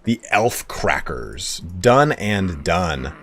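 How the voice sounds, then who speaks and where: Rambling, lively male streamer. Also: sits low, very slow. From United States. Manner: chatty, swears freely, slips into mock voices. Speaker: game streamer. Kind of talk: casual rambling storytelling.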